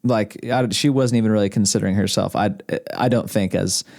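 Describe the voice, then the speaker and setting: A man's voice: on the low side, fairly even intonation, brisk, vocal fry, darkish tone. A man, a podcast guest telling rambling stories in casual conversation, often chuckling and restarting his sentences. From Arkansas, USA. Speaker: podcast guest, husband of host. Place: indoors, podcast studio room.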